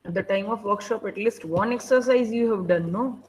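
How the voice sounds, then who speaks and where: A woman's voice: mid-range voice, fairly quick, darkish tone, low-quality recording. A woman teacher with an Indian English accent running an online class over a video call, strict and impatient as she prods students to answer.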